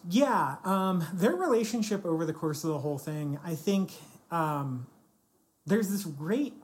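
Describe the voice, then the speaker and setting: A woman with a notably low voice talks through a sitcom in easy podcast chat. She is chatty and loose, full of fillers, restarts and quoted lines. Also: expressive, a little slow, darkish tone. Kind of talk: casual chat about a TV show.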